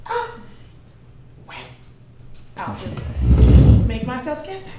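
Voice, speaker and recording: A woman acting out a friendly, nosy neighbor with a high, lively, chatty voice. The stage sound is very echoey, with faint hiss behind it. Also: very slow, recorded from a distance, heavily acted. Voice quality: chatty, folksy. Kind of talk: stage play performance.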